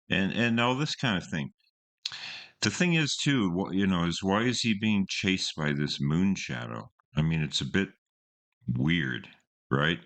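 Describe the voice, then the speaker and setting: Very deep-voiced man rambling about songs. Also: expressive, a little slow, fairly bright tone. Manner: rambling, with many fillers and restarts. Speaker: host reviewing songs. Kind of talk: casual commentary.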